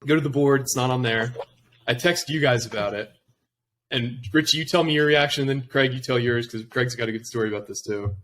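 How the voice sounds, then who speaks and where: A man's voice: mid-range voice, brisk, fairly bright tone, a little hiss or hum. A man co-hosting a sports podcast, talking in an enthusiastic, casual way and leading the conversation. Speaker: podcast co-host.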